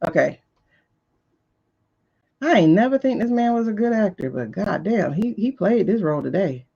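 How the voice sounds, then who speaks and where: A woman's creaky, husky mid-range voice comes at normal speed with the highs cut off. Hosting a livestream, she reacts to a news clip in casual, exasperated talk, animated and laughing, answering back to the screen.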